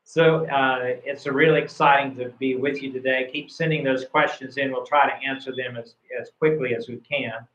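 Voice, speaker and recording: Here an online English teacher conducts a practice speaking test, encouraging yet constantly using fillers and starting over. His voice is mid-range and fairly bright, with fairly even intonation, normal speed and hardly any pauses; the sound is roomy, dull and lo-fi.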